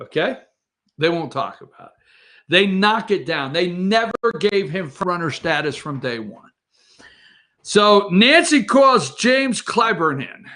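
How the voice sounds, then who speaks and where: Excitable guy on a political talk show, high bright voice, all over the place, keeps rambling. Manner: animated, rambling, mocking quoted voices. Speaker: host.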